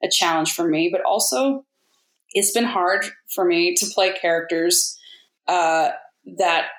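A woman's voice: fairly low pitch, unhurried. Candid woman voice actor, roomy sound. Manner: candid, animated storyteller who mimics others. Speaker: voice actor guest. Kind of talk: casual interview chat. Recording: roomy echo.

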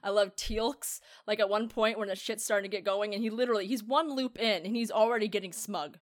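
A woman co-hosting a casual podcast about a TV episode, animated, laughing often and swearing freely. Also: medium pitch, brisk. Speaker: podcast co-host. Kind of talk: casual chat reviewing a TV episode.

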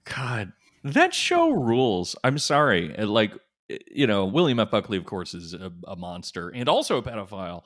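Deadpan dude on a podcast, really swoopy up and down voice, dry jokes. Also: male voice, fairly low pitch, normal speed, few pauses. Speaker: podcast co-host. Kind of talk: casual comedic chat.

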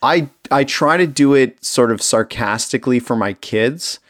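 A podcast co-host chats casually, sounding easygoing but a little hesitant and using plenty of fillers. His medium-pitched, fairly bright voice moves at normal speed on a dry, studio-quality recording.

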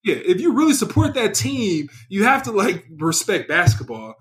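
A young man is a guest on a casual podcast. His voice sits slightly high. He rambles and leans on fillers. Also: huge pitch swings, normal speed, fairly bright tone. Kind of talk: casual chat.

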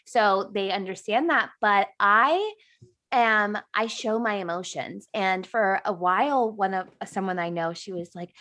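A woman hosts a podcast conversation in a relaxed, chatty way. Her voice sits at a middle pitch. She laughs easily and often. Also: a little slow. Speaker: podcast host. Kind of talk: casual chat.

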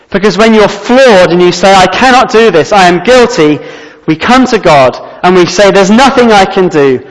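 A man's voice: high-pitched, big-room sound, low-quality recording. A man preaching a sermon, earnest and emphatic, repeating his key phrases.

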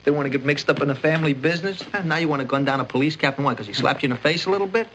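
Guy playing a mob boss, mocking and menacing, fast and punchy, bright voice. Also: fairly high pitch, slight background noise, close to an everyday voice. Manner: mocking, menacing, animated street talk. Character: gruff mob boss scolding a young man.

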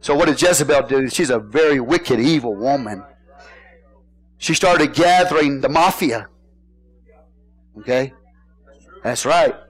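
A man's voice: medium pitch, lively intonation, unhurried, pauses often, slightly rough, low-quality recording. A man preaching a sermon in church, folksy and joking, often asking the congregation questions. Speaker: pastor.

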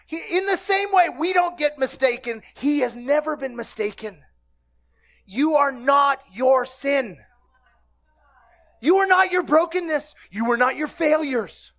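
A man preaching a sermon to a congregation, lively and humorous, breaking into laughter and shouted exclamations while asking questions of his listeners. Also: extremely high pitch. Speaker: pastor.

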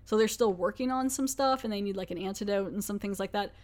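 A woman's voice: mid-range voice, fast, darkish tone. Chatty woman recapping a TV episode. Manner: chatty, filler-heavy, acts out quotes. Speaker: podcast host reviewing a TV episode. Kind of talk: casual recap and review.

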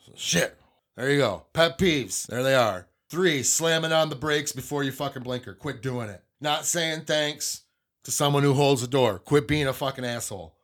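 A man's voice: mid-range voice, moderate pace, a bit bright. A man hosting his own podcast, ranting in a casual, profane, rambling way from a small home studio. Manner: profane, rambling, riled-up venting. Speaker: podcast host. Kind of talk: casual solo podcast rant. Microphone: studio microphone.

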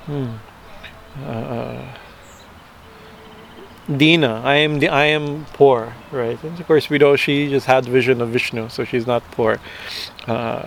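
A man giving a scripture class lecture, halting often with fillers and asking "right?" to his listeners. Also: mid-range voice, fairly even intonation, vocal fry, slight background noise. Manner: halting, many fillers and tag questions. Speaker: scripture teacher.

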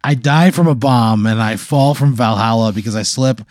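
A man co-hosting a comedy podcast, reacting in a flat, profane deadpan. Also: mid-range voice, normal speed. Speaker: podcast co-host. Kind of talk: casual banter.

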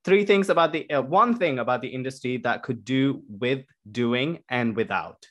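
A man hosting an interview podcast, moving briskly from question to question and game to game. He keeps his replies short and gets straight to the next prompt. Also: medium pitch. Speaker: podcast host. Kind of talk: casual interview.

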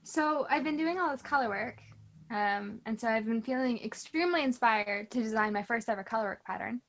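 A woman's voice: on the high side, brisk, fairly bright tone. A woman co-hosting a casual podcast about knitting, chatty and self-deprecating, often laughing. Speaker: podcast co-host. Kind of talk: casual chat.

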